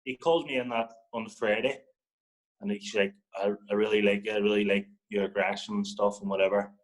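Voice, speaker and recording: Brisk and on the low side, a young Northern Irish football guest narrates a story in easygoing chat despite poor audio. His delivery is animated, with swearing and acted-out lines from other people.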